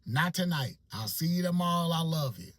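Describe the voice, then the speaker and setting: A man voicing his stern but loving grandmother, raising his voice high and slowing down to refuse him. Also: animated, fairly bright tone, no echo. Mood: firm. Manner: firm, high-pitched, drawn-out refusal.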